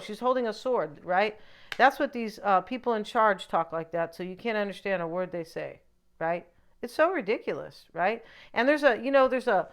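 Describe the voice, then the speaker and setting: A woman's voice: medium pitch, a bit bright, clear, resonant tone. A woman giving a casual tarot reading, rambling and opinionated, with frequent asides. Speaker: tarot reader.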